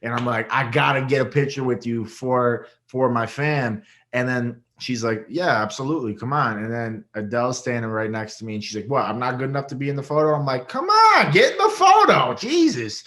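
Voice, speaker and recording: A young man from upstate New York, guest on an interview, telling a story with loud, animated energy and plenty of swearing. His voice sits at an ordinary middle pitch but leaps up whenever he acts out what someone said. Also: brisk, few pauses. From Rochester, New York. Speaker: guest, reality show winner.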